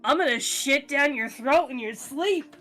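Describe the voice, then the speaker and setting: A woman's voice: high-pitched, expressive, measured pace, a bit bright, faint music behind, voice pushed up. A woman voicing a rude, foul-mouthed male bird who mocks and taunts. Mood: mocking. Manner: crude, mocking taunts.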